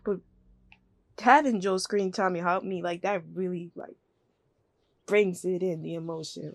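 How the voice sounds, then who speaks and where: A woman's voice: mid-range voice, unhurried, creaky, long pauses, darkish tone, no echo. A woman hosting a reaction video, talking in an emotional, slangy way. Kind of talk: casual reaction commentary.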